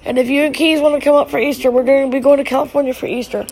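A middle-aged woman on a live stream giving an emotional personal message to her family. She talks in a halting, tearful way, with sighs and restarts. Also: sits high, steady tone, darkish tone, rough recording.

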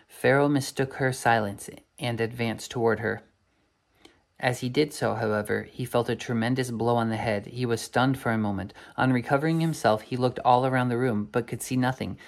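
A man reads a story aloud in a gravelly, creaky voice. He sometimes trips over a word and goes back over it before carrying on. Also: medium pitch. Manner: stumbles and rereads words. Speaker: reader.

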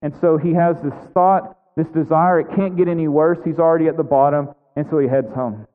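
A man's voice: steady tone, fairly quick. Preacher man, thin echoey sound. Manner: conversational preaching, frequent "right?" asides; acts out biblical characters' lines with shifting pitch. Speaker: pastor. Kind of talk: sermon. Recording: echoey hall over a thin phone-like line.

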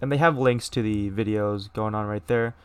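A man's voice: on the low side, moderate pace, clean tone. A young American man hosting a casual solo podcast, reading a news story aloud and ranting bluntly with plenty of swearing and restarts. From United States. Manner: blunt and profane, with many restarts and mocking voices. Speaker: podcast host.

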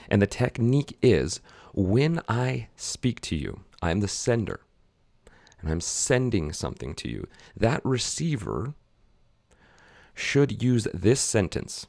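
A man hosting a podcast, explaining an idea in an energetic, conversational way and acting out short dialogues as examples. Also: deep voice, vocal fry, no room sound, studio quality. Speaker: podcast host. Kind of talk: casual teaching monologue.

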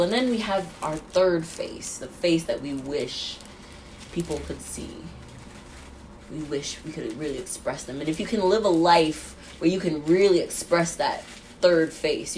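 A woman's voice: low-pitched, normal speed, darkish tone, slight background noise. A young woman and mom rambling in a casual podcast monologue, jittery from too much coffee and laughing often. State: over-caffeinated jitters.

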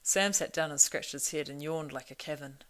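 A woman narrating a storybook in a measured, expressive reading. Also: low voice. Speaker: audiobook narrator.

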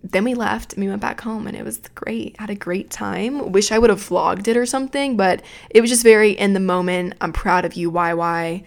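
A woman's voice: mid-range voice, a little fast, creaky, hardly any pauses, a little mellow. A young adult woman hosting a podcast, telling a story in a rambling, profane, self-mocking way from a room at home. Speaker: podcast host. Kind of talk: casual storytelling.

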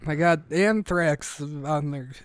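A man's voice: fairly high pitch, slow pace, clean tone. A man co-hosting a comedy podcast, chatting casually and joking around in a laid-back way. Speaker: podcast co-host.

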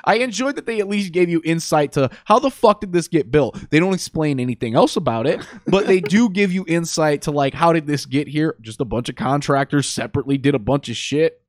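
A man's voice: fairly high pitch, expressive, fairly quick, few pauses, no room sound, studio quality. Man retelling a movie plot, cursing freely. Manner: profane, rambling storytelling. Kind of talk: casual movie recap chat.

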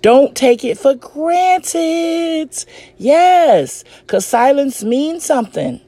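A relationship advice host talks casually and bluntly about relationships, cursing and laughing often and calling her listeners ladies and gentlemen. Her high-pitched voice has lively intonation and a very slow delivery, with no room sound in this advice monologue.

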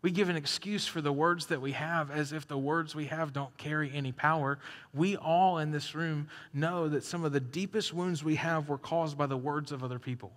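A young adult man preaching a sermon as a pastor, animated, dropping to a hush and rising loud, acting out the quotes he reads. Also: fairly high pitch, normal speed. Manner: animated, swings from hushed to loud, acts out quotes. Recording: echoey hall reverb.

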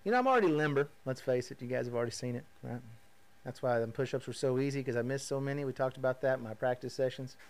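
A man, hosting a podcast and telling a lively story about his own life, acting out the other voices. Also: mid-range voice, fast. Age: 30s. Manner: animated, acts out quoted voices, laughs at himself. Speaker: podcast host, rodeo roper. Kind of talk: casual storytelling monologue.

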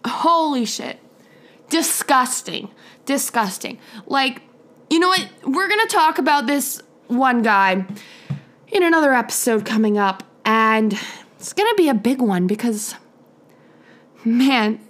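Woman, young adult, high voice, blunt, heated, swears constantly, podcast host. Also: very animated, slow pace, a bit bright. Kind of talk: profane solo podcast rant.

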